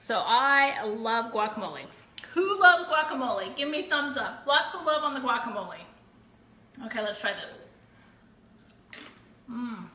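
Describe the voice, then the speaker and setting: Bubbly high-voiced woman cooking live. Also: expressive, unhurried, long pauses, sharp tone, recorded from a distance. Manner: bubbly, exclaims often with whoops. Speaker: host of a live giveaway show. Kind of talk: live-stream cooking demo, chatting to viewers. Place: home kitchen. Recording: roomy echo, voice a bit off-mic, faint room noise.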